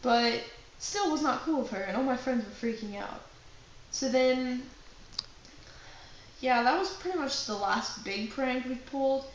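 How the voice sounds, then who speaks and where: A young woman telling a personal prank story to her acting class, with lively asides and a chatty delivery. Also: sits high, unhurried, long pauses. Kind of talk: personal anecdote told to a class. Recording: very echoey room with faint background noise.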